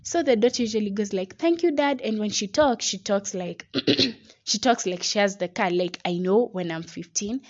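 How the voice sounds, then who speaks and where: A woman's voice: medium pitch, darkish tone. A young woman hosting a podcast, giving a chatty motivational talk and calling her listeners guys. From Kenya. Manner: chatty, addresses listeners as guys, many likes. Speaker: podcast host. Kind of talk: casual motivational monologue. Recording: dull lo-fi recording.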